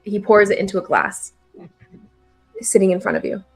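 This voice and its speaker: A woman's voice: mid-range voice, sing-song, normal speed, slightly rough, soft background music. A woman running a tabletop game as game master, chatty and giggly, with many fillers and restarts.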